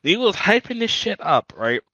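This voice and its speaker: A man's voice: high-pitched, very animated, moderate pace, bright, forceful tone, no room sound, muffled recording. A man on a casual podcast, ranting with heavy profanity and exasperation. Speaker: podcast host. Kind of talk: casual chat.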